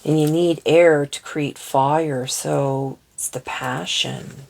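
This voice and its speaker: A woman's voice: low voice, steady tone, vocal fry, darkish tone. Giddy woman doing a card reading. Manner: chatty and giddy, laughs often; slow, careful over unfamiliar words. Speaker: oracle card reader. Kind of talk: casual card reading, reading card texts aloud.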